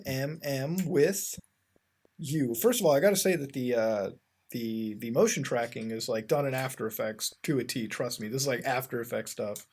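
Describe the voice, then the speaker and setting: Rambling, exasperated male web host. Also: medium pitch. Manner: rambling and exasperated, with many fillers and restarts; addresses the audience as ladies and gentlemen. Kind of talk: casual web-browsing commentary.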